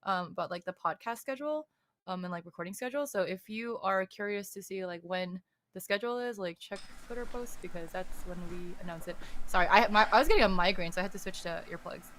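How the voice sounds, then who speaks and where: A woman's voice: medium pitch, quick pace, fairly bright tone. Woman hosting a podcast, casual chat, lots of likes and ums. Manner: chatty, fills with "like" and "um". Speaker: podcast host.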